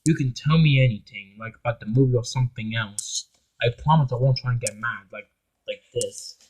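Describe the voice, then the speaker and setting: A man's voice: mid-range voice, moderate pace, a little mellow, close to an everyday voice, low-quality recording. A man voicing a female engine who speaks hesitantly and apologetically in a homemade fan story. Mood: earnest. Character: sorry, sulky female engine.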